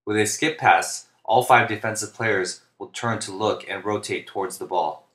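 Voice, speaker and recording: A man, a basketball coach, narrating instructional plays in a flat, deliberate monotone, speaking clearly. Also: on the low side, reverberant. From United States. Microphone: home recording for narration.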